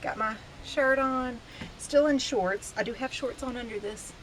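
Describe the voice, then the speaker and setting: A woman's voice: fairly high pitch, measured pace, a little hiss or hum, rough recording. A woman in her thirties chatting casually to camera from her back porch, laughing easily and poking fun at herself. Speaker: vlogger. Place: outdoor back porch deck. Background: faint outdoor ambience.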